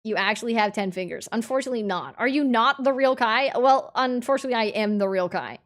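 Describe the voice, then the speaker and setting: Young woman streamer, slightly high voice, casual chat with sudden loud protests. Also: fast talker. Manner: animated, jumps from mumbling to loud indignant outbursts. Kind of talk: casual live-stream chat, reading chat aloud.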